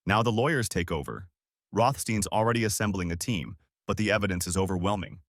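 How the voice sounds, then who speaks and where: A man's voice: low voice, brisk, fairly bright tone, no room sound, clean studio sound. A man voicing a tired but satisfied female federal agent who speaks matter-of-factly, in a story reading.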